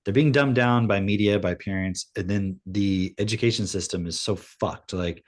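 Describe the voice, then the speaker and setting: A man co-hosting a podcast, speaking earnestly in a halting way and clearing his throat now and then. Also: fairly low pitch. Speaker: podcast co-host. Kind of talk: casual podcast chat.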